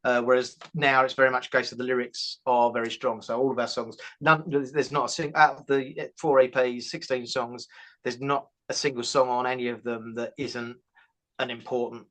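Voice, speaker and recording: A man in a band, chatting casually in an interview, rambling with many restarts. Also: medium pitch. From England. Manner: rambling, restarts, fast and flat. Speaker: band member, karaoke host.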